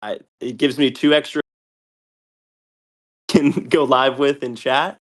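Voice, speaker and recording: A young man hosting a live game stream, calling out the action excitedly and often tripping over his words with quick restarts. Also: mid-range voice. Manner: excitable, shouts and laughs often. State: a bit out of breath. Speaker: host.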